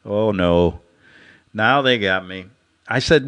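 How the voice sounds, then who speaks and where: A man's voice: on the low side, slow pace, a bit bright, clear, resonant tone. A man hosting a radio show, telling a rambling satirical story and chuckling at his own jokes.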